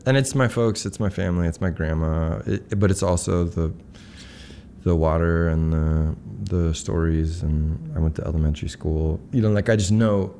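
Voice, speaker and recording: A middle-aged man from Colorado with a very low, dark, mellow voice. He chats as a guest in a relaxed, rambling manner, full of fillers, on a studio microphone with faint background noise. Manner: laid-back, rambling, many fillers. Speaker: musician guest. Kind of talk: casual interview chat.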